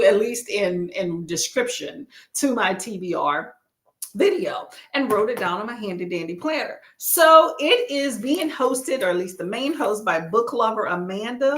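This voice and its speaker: A woman chats casually with her viewers during a live reading stream. Her voice swoops up and down with animation as she talks right to them. The sound is roomy and echoey. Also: on the high side. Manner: chatty, animated, answers the chat directly. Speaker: booktube live stream host.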